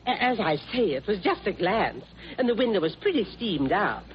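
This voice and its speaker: A woman's voice: mid-range voice, sing-song, moderate pace, close to an everyday voice. An actress playing a nosy female neighbor who gossips in a chatty, insinuating way, in 1950s radio sitcom style. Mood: gossiping. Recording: muffled old radio broadcast with faint hiss.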